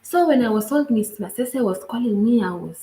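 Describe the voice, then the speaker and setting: A woman with a Kenyan accent telling a personal story earnestly, in a halting way with frequent asides. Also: a little high, lively intonation, dark tone, slight background noise. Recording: roomy echo.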